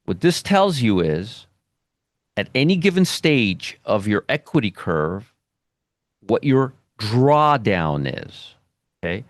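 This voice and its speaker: A man's voice: fairly low pitch, big pitch swings, takes it slowly, dry recording, clean studio sound. A man teaching a trading lesson at a whiteboard, emphatic, repeating phrases and checking in with "okay?". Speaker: trading educator.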